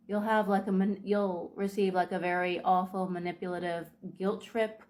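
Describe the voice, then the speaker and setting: A woman talking in a casual advice vlog, unhurried, with frequent ums and restarts. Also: medium pitch, a little mellow. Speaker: video creator.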